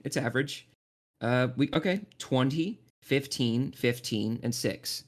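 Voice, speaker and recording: A man's voice: medium pitch, animated, measured pace. A man running a tabletop game as game master, narrating loosely with many restarts and frequent laughter.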